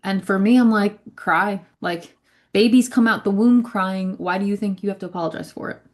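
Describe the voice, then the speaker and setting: A woman's voice: mid-range voice, brisk, a little mellow. A woman who leads a ministry, giving a casual spiritual teaching talk, chatty and repetitive, often checking in with "right?". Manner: conversational, frequent "right?" and "like", repeats words. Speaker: ministry leader.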